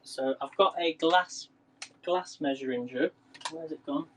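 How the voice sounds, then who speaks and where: A chatty man talks his viewers through a recipe from his home kitchen, laughing easily and calling out to people by name. His voice sits a little high, and a faint hum runs under the recording. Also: measured pace, rough recording. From England. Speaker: live cooking streamer. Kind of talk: casual live-stream cooking chat.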